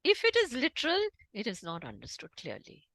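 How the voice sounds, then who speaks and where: Animated woman with Indian English accent. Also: mid-range voice, brisk, no echo, poor audio. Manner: emphatic, animated lecturing with demonstrations. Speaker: guest speaker on interpreting. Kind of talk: online talk.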